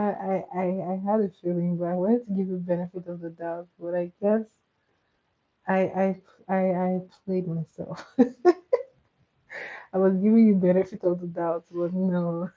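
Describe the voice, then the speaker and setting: Woman livestreamer chatting w viewers, slow easy talk, husky, sounds like a phone line. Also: lowish voice, fairly even intonation. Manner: chatty, laughs often, reads out viewer comments. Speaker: livestream host. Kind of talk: casual live-stream chat. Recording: tinny phone-like audio.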